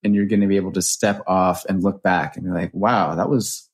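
Guy in his 30s telling stories on a podcast, kinda husky and low, earnest and animated. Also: quick pace. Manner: earnest, animated, casual swearing. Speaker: podcast guest, author. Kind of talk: reflective storytelling.

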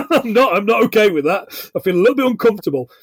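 A man's voice: high voice, big pitch swings, fast talker, slightly rough, dry recording, clean studio sound. A man in his forties co-hosting a casual film podcast, recapping the plot with jokey asides and frequent laughter. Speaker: podcast co-host.

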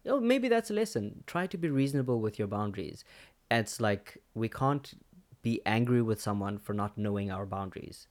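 A man's voice: lowish voice, normal speed. A man in casual conversation, talking earnestly and reflectively about personal experiences. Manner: earnest, reflective, animated when retelling.

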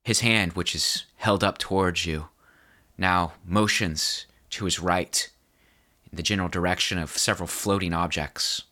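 Game master, man, very low bright voice, measured scene-setting. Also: fairly even intonation. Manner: descriptive, measured narration with restarts. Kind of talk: narrating a tabletop horror game.

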